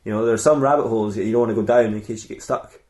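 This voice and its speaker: A gruff middle-aged FBI boss, played by a man delivers orders in a dry, flat way at a quick clip. The tone is warm and dark. The recording has a roomy echo. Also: fairly low pitch, pitched below the performer's own voice, lightly acted. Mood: stern.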